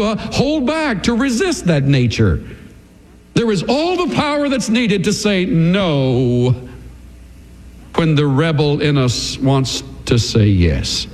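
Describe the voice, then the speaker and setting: A male pastor delivering a sermon, preaching dramatically with sweeping swings of pitch and emphatic pauses. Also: long reverb tail.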